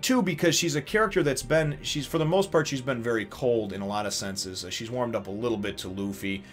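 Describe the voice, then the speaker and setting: A man's voice: mid-range voice, fairly bright tone. A man hosting a casual manga review, talking enthusiastically in a rambling way full of restarts and fillers.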